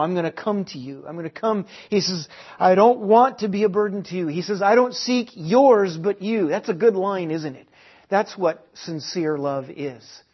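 A man preaching a sermon at a church service. He repeats key phrases and swings between quiet and loud delivery. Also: fairly high pitch, husky. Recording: dull lo-fi sermon recording.

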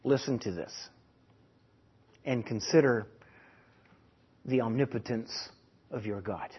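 Husky-voiced preacher, rising and falling. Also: male voice, medium pitch, slow pace, dull audio. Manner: emphatic, swelling and dropping to a hush. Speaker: pastor. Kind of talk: sermon with dramatic reading.

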